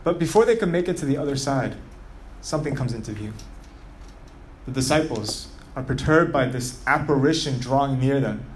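A man preaching a sermon, telling the story in a lively way and asking the audience rhetorical questions. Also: mid-range voice, moderate pace, slight background noise.

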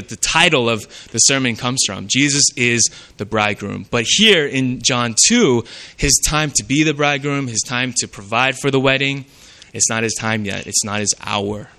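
A man's voice: mid-range voice, pushed and bright. A man preaching a sermon in a conversational way, often checking in with "right?".

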